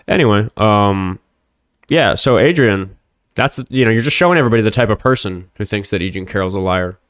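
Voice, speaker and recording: Deep-voiced man hosting a livestream. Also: lively intonation, a little fast, fairly bright tone, clean tone, no room sound, clean studio sound. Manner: rambling, profane, frequent fillers. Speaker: livestream show host. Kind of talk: casual livestream talk with callers.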